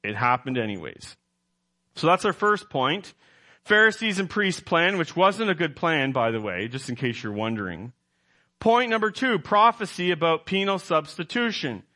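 A man's voice: on the high side, very animated, moderate pace, pushed and bright. A man preaching a sermon as pastor, emphatic, quizzing his congregation and correcting himself as he goes.

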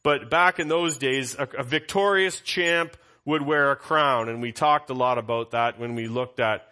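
Pastor guy teaching bible verses, bright punchy voice, chatty, asks the crowd questions. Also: mid-range voice, normal speed. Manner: conversational, asks the congregation questions.

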